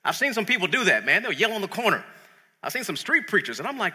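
High, bright-voiced preacher man in a hall. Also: fast, slightly rough. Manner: animated, conversational preaching with repeated words. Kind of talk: sermon.

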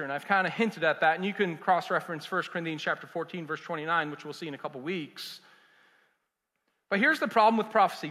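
A man, a pastor preaching a sermon in an animated, conversational and humorous way. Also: sits high. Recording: echoey hall.

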